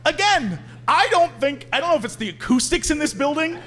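Male podcast co-host, high and very lively voice, live-show storyteller who acts out the people in his tales. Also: brisk.

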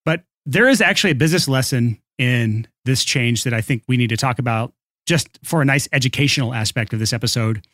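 An upbeat male podcast host talks straight into a close studio mic. The sound is dry and tight with no room behind it, and his pitch sits in an ordinary middle range. He moves easily between a polished ad read and relaxed banter. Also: brisk, no echo. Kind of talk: casual podcast chat and read ad.

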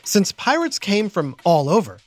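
A man hosting a children's educational podcast, narrating in an upbeat, animated way for kids. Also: sits high, normal speed. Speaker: host.

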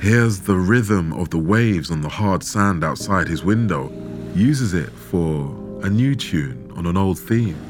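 A man telling a true story in measured, dramatic scripted narration, with rhetorical questions. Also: low voice, lively intonation. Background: background music.

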